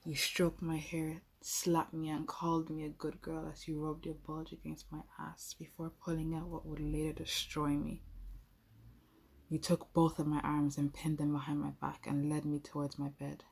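A woman's voice: low voice, monotone, moderate pace, gravelly, a little mellow, slightly rough. A young adult woman telling an intimate first-person role-play story, playful and speaking straight to the listener.

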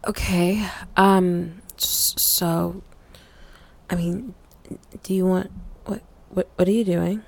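Woman acting flustered anxious young woman, stammering, swearing, gravelly fry, slow unhurried delivery, audio role-play. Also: lowish voice, steady tone, a little mellow, full character voice. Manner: stammering, swearing, many fillers.

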